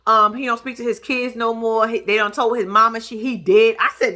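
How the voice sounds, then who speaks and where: A woman's voice: on the high side, brisk, hardly any pauses. A woman talking casually, recapping a TV episode in a sassy, profane, teasing way. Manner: profane, sassy, animated storytelling; sarcastic, teasing. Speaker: reality TV recap vlogger. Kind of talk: casual commentary.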